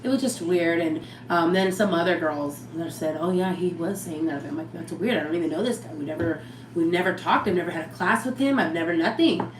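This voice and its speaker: Young woman co-host, casual storyteller, animated and blunt, roomy sound with faint hiss. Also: lowish voice, a little fast. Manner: animated, swears freely, acts out quoted speech. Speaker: podcast co-host. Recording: roomy with faint background noise.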